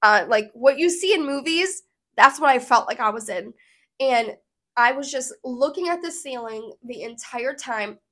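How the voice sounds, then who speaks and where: A woman's voice: high voice, lively intonation, normal speed, fairly bright tone. A woman vlogger telling a personal story to camera in an earnest, emotional, rambling way.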